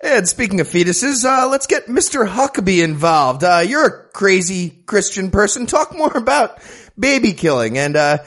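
A man's voice: high voice, animated, moderate pace, a bit bright. A man hosting a comedic podcast, leading the rundown with wry asides. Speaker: podcast host. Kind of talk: comedic casual chat.

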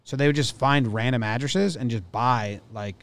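A man in the middle of his range co-hosts a loose news podcast. He reads stories aloud and then thinks out loud, trailing off and circling back as he talks. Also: medium pitch, clear, resonant tone. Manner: rambling, halting, thinks aloud. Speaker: podcast co-host. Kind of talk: casual chat reading news stories.

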